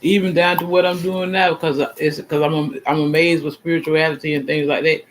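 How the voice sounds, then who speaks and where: A man's voice: on the high side, flat delivery, fairly quick, noisy background. A man hosting a casual livestream, talking in a rambling, emphatic and self-assured way, often repeating himself. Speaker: channel host.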